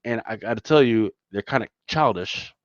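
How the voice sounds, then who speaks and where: A man's voice: on the low side, moderate pace, no echo. Emphatic Philly man, dull dry recording. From Philadelphia, USA. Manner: emphatic, repeats words, peppers speech with "man" and "right?". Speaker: podcast co-host. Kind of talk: casual chat.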